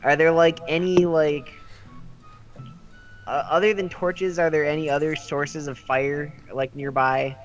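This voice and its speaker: A man's voice: a little high, little pitch movement, a little slow, muffled recording, faint music behind. A man playing a tabletop game, asking questions hesitantly with many fillers. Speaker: player. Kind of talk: casual tabletop game chat.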